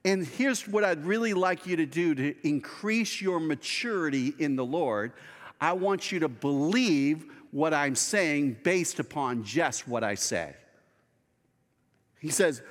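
A man's voice: a little high, expressive, slow pace, big-room sound. A man preaching a sermon as pastor, earnest and conversational, asking his congregation rhetorical questions.

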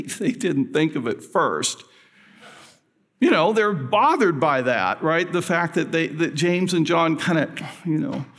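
Gravelly middle-aged preacher in a big hall. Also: male voice, a little high. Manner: conversational, chuckling asides. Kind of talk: sermon. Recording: long hall reverb.

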